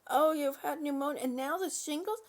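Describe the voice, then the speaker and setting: Here the channel host, an older woman, speaks in a high voice at a fairly quick clip. She chats warmly while going through viewer comments, often saying "um" and starting her sentences over.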